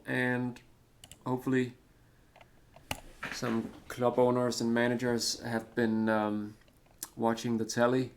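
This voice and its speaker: Danish man, gravelly mid-pitched voice, hesitant self-mocking gaming commentary. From Denmark. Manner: rambling, hesitant, self-deprecating. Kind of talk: casual let's-play commentary.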